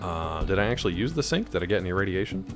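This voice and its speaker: A man with a fairly low voice chats loosely while playing a game. He rambles and piles on fillers as he tells a story, and soft music plays underneath. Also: big pitch swings, very fast. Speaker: gaming streamer. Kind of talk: casual let's-play commentary.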